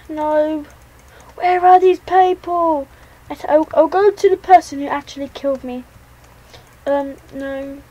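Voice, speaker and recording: A woman's voice: sits high, steady tone, measured pace, dark tone, low-quality recording. A woman giving jittery, talk-to-herself commentary as she plays a game. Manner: jittery, talks to herself while playing. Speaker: gaming channel host. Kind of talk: let's play commentary.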